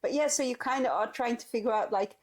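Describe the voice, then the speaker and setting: Supportive woman host, a little high-pitched. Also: quick pace. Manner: supportive, frequent backchannels and laughs. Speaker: host and author. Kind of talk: casual interview chat.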